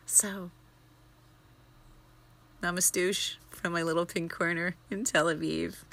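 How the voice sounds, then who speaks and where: A young woman talks into her camera at home in a loose, rambling vlog style. Her voice is bright and a little low-pitched, with plenty of excitable restarts and asides. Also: takes it slowly, vocal fry, pauses often, slight background noise. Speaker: vlogger. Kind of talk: casual daily vlog. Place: her apartment in Tel Aviv.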